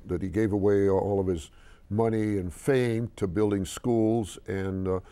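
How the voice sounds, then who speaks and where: A man's voice: lowish voice, steady tone, unhurried, mellow, clear, resonant tone. An older man telling a story as an interview guest, hesitant and full of restarts, who acts out the voices of the people in it. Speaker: interview guest, company chairman.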